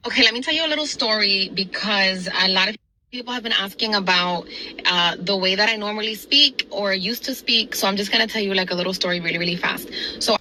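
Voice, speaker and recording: A woman with a neutral Midwestern American accent, casually telling a quick story about how she speaks. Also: mid-range voice, pushed and bright, a little hiss or hum, low-quality recording. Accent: neutral American Midwest, from Ohio. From Dominican-American, raised in Rhode Island. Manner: quick, chatty, matter-of-fact. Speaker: vlogger telling her story.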